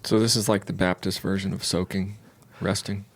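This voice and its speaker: A male host with a low, gravelly voice chimes in casually. His remarks are brief and conversational. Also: little pitch movement, normal speed. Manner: casual, chiming in with short remarks. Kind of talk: casual chat.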